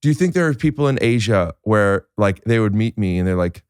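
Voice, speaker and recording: Guy hosting a podcast, kinda low voice, rambly jokey chat, dry close sound. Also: animated, a little mellow, smooth, dry recording. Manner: rambling, joking, halting with many fillers. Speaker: podcast host. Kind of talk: casual chat.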